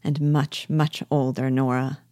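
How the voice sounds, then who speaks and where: A woman's voice: very deep voice, flat delivery, measured pace, dark tone, no room sound, studio quality. A woman reading the part of a dejected, timid widow in a play, in a subdued voice.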